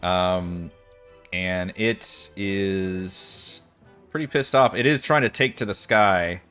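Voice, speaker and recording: A man's voice: deep voice, takes it slowly, a bit bright, smooth, soft background music. A man running a tabletop game as dungeon master, thinking aloud with lots of fillers. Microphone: headset or desk mic on a voice call.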